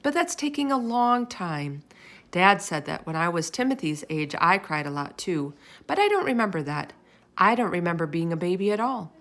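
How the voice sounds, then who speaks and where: A woman voicing an eager, chatty young girl in a storybook, talking in bright, excited bursts. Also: lowish voice, normal speed. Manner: bright, excited, tumbling sentences.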